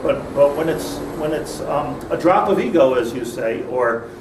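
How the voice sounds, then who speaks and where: A man's voice: mid-range voice, animated, moderate pace. A man, a rabbi, teaching an interactive class, thinking aloud and questioning his students with many restarts. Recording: echoey room, far from mic, faint noise.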